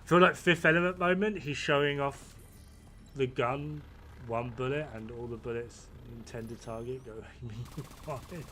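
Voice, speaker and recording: Man, gameplay commentator, bright tone, rambling and amused delivery. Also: medium pitch, unhurried, slight background noise. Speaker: gaming streamer. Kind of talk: casual commentary while playing.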